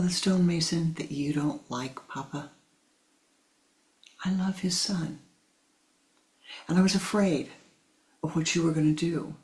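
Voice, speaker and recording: A man's voice: on the high side, low-quality recording. Man voicing a tearful young village woman. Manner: soft pleading, whispery.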